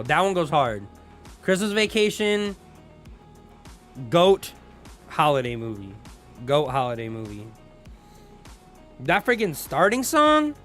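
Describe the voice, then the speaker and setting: A man's voice: on the high side, a bit bright. A young man hosting a casual livestream chat, laid-back and slangy, greeting viewers and laughing often. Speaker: streamer host.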